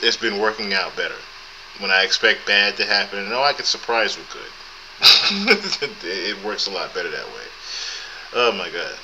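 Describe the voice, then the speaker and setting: Recorded through a camera's built-in microphone, this casual live-stream chat features a podcast host in his thirties who swears freely, stays relaxed, and chuckles a lot. His thin voice sits lowish and moves at a moderate pace. Background noise is audible.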